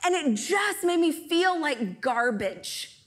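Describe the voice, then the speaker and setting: A woman giving a live stage talk to an audience, telling stories in an animated, joking way. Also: high-pitched, slow pace. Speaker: motivational speaker.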